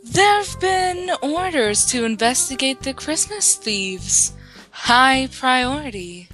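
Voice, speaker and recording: A woman voicing a suave, smooth-talking young male pigeon student, speaking low, slow and formal while reading game dialogue aloud. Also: expressive, pushed and bright, soft background music, heavily acted.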